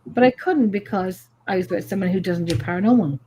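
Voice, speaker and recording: Live on a show, a female paranormal investigator from Ireland tells stories casually and animatedly, with plenty of fillers and swearing. Her mid-range voice is brisk, and the lo-fi recording carries slight background noise.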